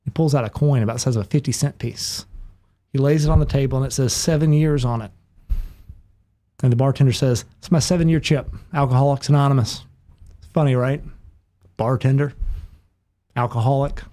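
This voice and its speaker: A man, a podcast guest, telling a long joke in a playful, animated way. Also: mid-range voice, brisk, long pauses.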